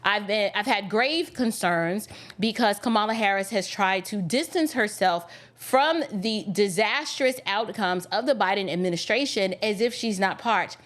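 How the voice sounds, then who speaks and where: A woman's voice: medium pitch, unhurried, hardly any pauses, fairly bright tone. A woman hosting a podcast livestream, talking casually and greeting viewers by name as she chats. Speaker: podcast host.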